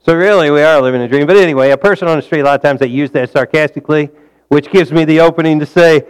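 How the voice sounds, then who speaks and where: Folksy preacher, smooth tenor voice. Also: male voice, quick pace. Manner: folksy, engages the audience with questions; rises loud and high for emphasis, drops low and quiet for asides. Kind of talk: conversational sermon.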